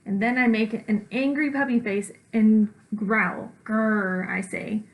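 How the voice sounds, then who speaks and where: A woman teacher reading a children's storybook aloud, with lively character voices and dog woofs. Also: a little high, a little slow, poor audio.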